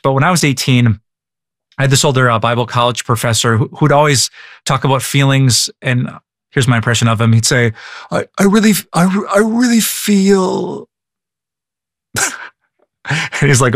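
A man's voice: mid-range voice, fairly bright tone, no echo, studio quality. A male pastor who prays and then answers a listener's question in a casual way, often stumbling and restarting his words. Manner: casual, many stammered restarts and repeated words.

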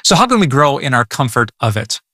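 A man's voice: medium pitch, very animated, brisk, bright, forceful tone, no room sound, clean studio sound. A male pastor teaching about prayer in an earnest, conversational way, often stammering and repeating words. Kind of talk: devotional teaching.

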